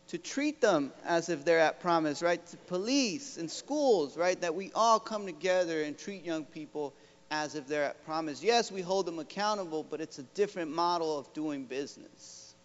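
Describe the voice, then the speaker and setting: A man with a slightly high voice gives an earnest, rallying talk as a guest professor. He keeps checking in with the audience. The sound is dull, and his voice rings through a big hall with a long echo. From Oakland, California. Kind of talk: motivational public talk. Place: large school hall.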